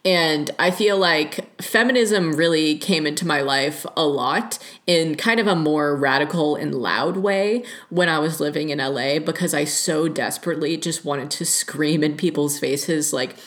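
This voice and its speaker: Low-voiced candid young woman podcaster. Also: moderate pace, few pauses. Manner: candid, swears freely, laughs often. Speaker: podcast host. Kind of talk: casual solo podcast talk. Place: lives in rural Oregon.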